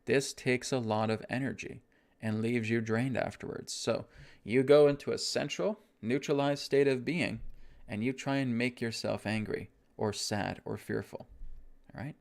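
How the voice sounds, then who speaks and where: Guiding breathing in a slow, soothing manner, a man teaches a spiritual self-help lesson and often checks in with "right?". His voice is gravelly, medium in pitch, and steady in tone.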